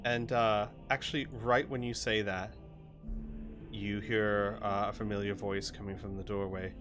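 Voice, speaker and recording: A man narrating as game master of a tabletop game, relaxed and halting with fillers. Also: fairly low pitch, music in the background.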